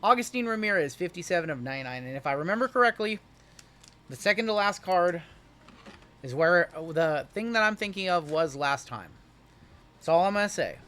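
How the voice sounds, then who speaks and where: A man's voice: sits high, animated, fairly quick, a bit bright. A man hosting a live card-break stream, calling out each pull in an upbeat, chatty, teasing way.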